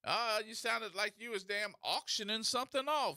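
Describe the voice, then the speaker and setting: A man hosting a talk radio show, ranting in a mocking, animated way and slipping into imitation voices. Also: high-pitched, normal speed, few pauses, no echo, studio quality. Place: radio studio.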